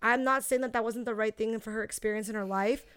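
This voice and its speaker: A young woman co-hosts a casual podcast in a smooth, fairly high voice. She talks bluntly, swears freely and tells stories with animation. The sound is close and dry. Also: steady tone, fast, a bit bright, dry recording. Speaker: podcast co-host. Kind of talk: casual chat.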